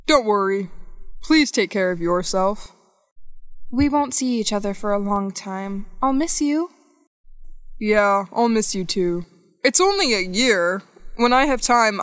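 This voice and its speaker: A woman reading scripted English practice dialogues for learners, slow and evenly paced. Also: mid-range voice, dry recording, studio quality. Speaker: English lesson narrator.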